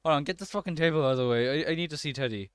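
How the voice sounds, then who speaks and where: Guy playing a game n swearing at it, higher voice, super clean, dry mic. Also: very fast, a bit bright, clean tone, no room sound. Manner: swearing, frustrated outbursts at the game. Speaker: let's-play gamer. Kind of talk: let's-play commentary.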